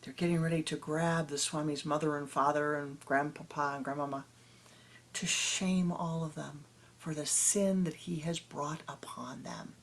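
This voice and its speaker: A woman spiritual teacher tells a parable in a meditation talk, with rhythmic, dramatic phrasing that often sinks to a hush. Her voice sits low, with a gravelly, creaky texture. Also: steady tone, moderate pace.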